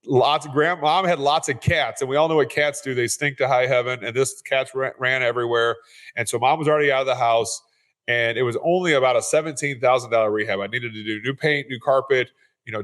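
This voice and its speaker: A man's voice: mid-range voice, brisk, a bit bright. Earnest man telling stories in an interview. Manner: earnest, repeats words while restarting. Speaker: real estate investor guest. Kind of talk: casual interview storytelling.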